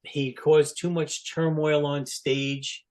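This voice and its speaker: A man's voice: fairly high pitch, flat delivery, slow, a little mellow. A man in his sixties telling casual stories as a podcast guest, rambling with many "you know" fillers and laughing as he talks. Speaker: guest, longtime fan. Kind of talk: casual anecdotal storytelling.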